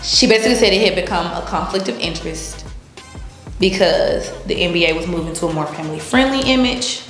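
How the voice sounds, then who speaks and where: A woman with a fairly low voice speaks briskly as an interview guest, casually recounting her story, acting out what people said, and laughing often. The room is echoey, with soft music in the background.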